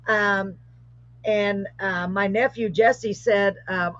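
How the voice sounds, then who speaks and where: A middle-aged woman, hosting a live show and telling a paranormal story in a casual, animated way, with rising excitement. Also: mid-range voice, slow. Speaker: host. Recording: muffled lo-fi live stream audio.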